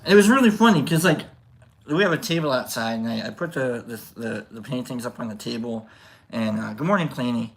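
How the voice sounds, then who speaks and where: A man hosting a livestream, telling a story casually to his chat in an animated, rambling way with restarts. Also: mid-range voice, fairly quick. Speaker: livestream host.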